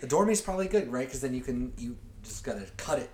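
A woman's voice: a bass voice, lively intonation, fast talker, a little mellow. A woman co-hosting a casual podcast, tossing in playful one-liners. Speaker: podcast co-host. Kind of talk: casual group chat.

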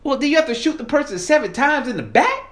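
A man's voice: very high voice, very animated, quick pace, fairly bright tone. A man from the South, delivering a heated, profane political rant straight to his audience. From American South. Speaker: political commentator. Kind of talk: ranting monologue.

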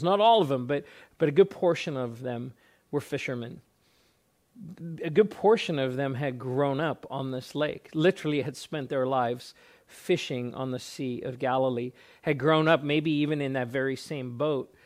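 A man's voice: mid-range voice, normal speed, darkish tone. A man preaching a sermon as a pastor, earnest, often repeating words and stretching out phrases for emphasis.

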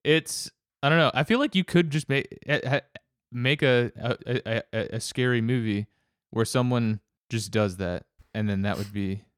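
A man's voice: mid-range voice, moderate pace, smooth, no echo, clean studio sound. Rambling man in casual chat. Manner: rambling storyteller, many restarts, laughs often.

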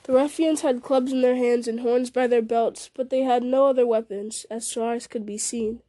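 A woman reads a fantasy novel aloud in a steady voice, now and then slipping and restarting a word. Her voice sits somewhat high and mellow, and the recording is close and dry. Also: moderate pace, no echo. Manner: steady, with small slips and restarts. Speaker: story reader.

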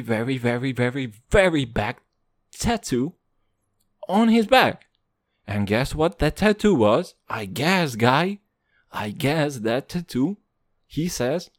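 A man doing a profane stand-up monologue in hip-hop slang, English not his first language, jumping between loud outbursts and low mutters. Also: dry recording, clean studio sound. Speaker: stand-up comedian.

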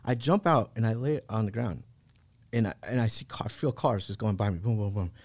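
Laid-back low-voiced guy, dry sound. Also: fairly quick, darkish tone, no echo. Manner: laid-back slangy talk, many "bro" and "like". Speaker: podcast guest. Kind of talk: casual storytelling.

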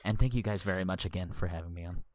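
A man appearing as a guest on a casual podcast, speaking in a relaxed way with hesitant fillers. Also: low voice, racing. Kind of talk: casual chat.

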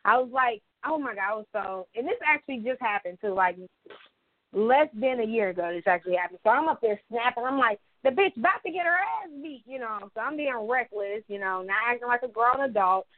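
A young woman co-hosting a podcast, telling stories in a casual, animated way with plenty of swearing and acted-out quotes. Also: a little high, brisk, no room sound. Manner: animated storytelling, swears freely, acts out quotes. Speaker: podcast co-host. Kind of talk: casual chat. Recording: dry, phone-like sound.

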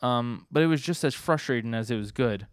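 A man's voice: medium pitch, fairly quick, clear, resonant tone, dry recording, clean studio sound, natural voice. A man reading a comic's pushy, intense teenage girl film buff aloud, in a bossy, insistent way.

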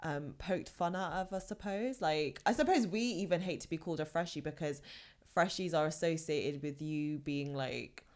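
Low-voiced young woman chatting on a podcast. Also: normal speed. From England. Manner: chatty, opinionated, lots of fillers. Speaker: podcast co-host. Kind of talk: casual podcast chat.

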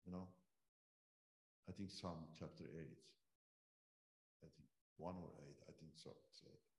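A man giving a sermon testimony as a guest missionary speaker, telling a story with animated delivery and acting out what people said. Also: extremely low pitch, unhurried, reverberant. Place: church.

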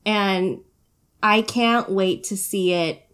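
A woman's voice: mid-range voice, slow, a bit bright, smooth. A woman co-hosting a casual chat, laughing often and cheering on her friend. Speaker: podcast co-host.

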